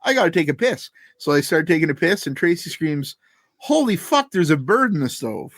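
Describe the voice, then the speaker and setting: A man's voice: a little high, a little fast, no echo, studio quality. A man co-hosting a podcast, telling a long story in casual chat, swearing often and acting out what people said. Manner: profane, animated anecdote telling. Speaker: podcast co-host.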